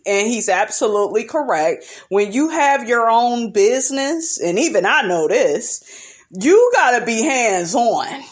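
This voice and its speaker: A woman's voice: fairly high pitch, sing-song, measured pace. A woman giving a blunt, brash and profane commentary on a reality TV episode, often breaking into laughter. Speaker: reality show recap vlogger.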